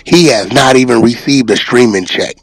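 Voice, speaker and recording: A man's voice: mid-range voice, moderate pace, no room sound, soft background music. A man hosting a show and reacting to a clip, talking bluntly with lots of swearing and cutting in to argue. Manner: blunt, profane, cuts in to argue. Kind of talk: confrontational commentary.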